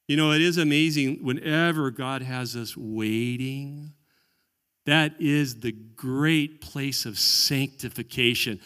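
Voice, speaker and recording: Male pastor, higher voice, earnest sermon delivery, long hall reverb. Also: clear, resonant tone. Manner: earnest preaching, drops to quiet voice for quoted prayers.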